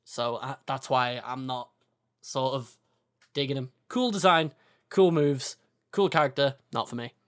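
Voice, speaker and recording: A young man co-hosting a casual podcast chat, relaxed and chatty, filling his talk with "like" and "you know what I mean". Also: medium pitch, a little slow. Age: young adult. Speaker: podcast co-host.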